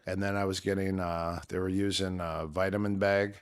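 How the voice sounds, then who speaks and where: Low-voiced man telling a vivid story. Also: normal speed. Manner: animated retelling that acts out quoted voices; drops quieter and lower on grim parts. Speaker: interview guest, former fighter and coach. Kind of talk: casual storytelling.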